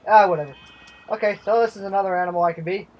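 A man's voice: high-pitched, very fast, muffled recording. A young man hosting a gaming video, giving playful, goofy commentary that drifts into sing-song. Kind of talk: casual game commentary.

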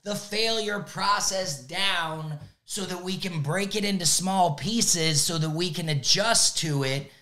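A man who coaches youth sports, giving an energetic motivational talk and checking in with "right?" again and again. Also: high-pitched, takes it slowly, few pauses. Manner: energetic, repeats "right?" often.

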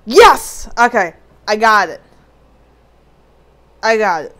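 A woman's voice: medium pitch, very animated, takes it slowly, fairly bright tone. A woman casually commenting as she plays a puzzle game, talking back at the screen with jokey frustration. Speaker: gameplay streamer. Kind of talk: casual let's play commentary.

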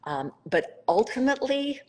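A woman's voice: high-pitched, sing-song, moderate pace, poor audio. A middle-aged woman from South Carolina, a nonprofit founder, telling her story in a heartfelt way on a live video call. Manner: warm, heartfelt storytelling with emphatic swells. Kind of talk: Instagram live conversation.

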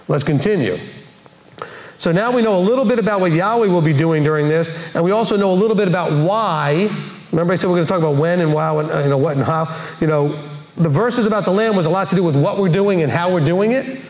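A high-voiced man teaches scripture to a congregation. He slowly defines Hebrew terms and explains each one carefully. His voice carries the echo of a roomy hall.

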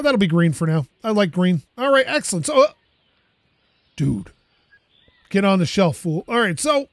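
A man's voice: very high voice, a bit bright. A young man hosting a gaming channel, giving casual, playful let's-play commentary and joking to himself as he plays. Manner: playful, jokey, talks to himself while playing. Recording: game vehicle noise behind voice.

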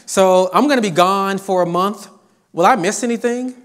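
A man mimicking a whiny young student who makes excuses and pleads, raising his voice high. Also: moderate pace, a bit bright, slight background noise.

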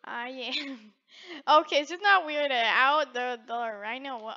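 A woman's voice: sits high, takes it slowly, sharp tone, lo-fi sound. A woman giving playful, teasing gameplay commentary with frequent giggles. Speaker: gaming video creator.

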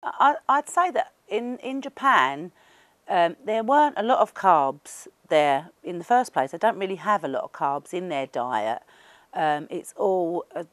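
A middle-aged woman with a broad Cockney accent talks in a rambling, easygoing way, full of ums and asides. Her voice sits low for a woman. The sound is dry and close, with no room around it. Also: big pitch swings, measured pace, no room sound. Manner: chatty, rambling, with many fillers. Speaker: interviewee. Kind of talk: casual chat.

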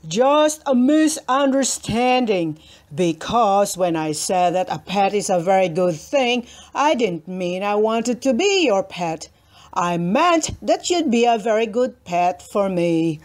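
Woman voicing a gentle storybook brontosaurus, polite and patient, lowered rumbling voice, unhurried. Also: expressive. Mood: calm, polite. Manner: slow, measured, courteous.

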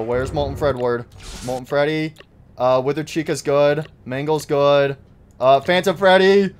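Excitable high-voiced gaming man. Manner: excitable, talks to the game characters. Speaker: gaming YouTuber. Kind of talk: live let's-play commentary.

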